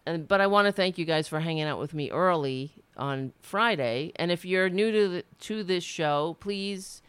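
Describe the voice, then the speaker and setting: A woman's voice: fairly low pitch, moderate pace, smooth, no echo. A woman from New York with a New York accent, hosting a political talk radio show, blunt and indignant, swearing freely and restarting her sentences.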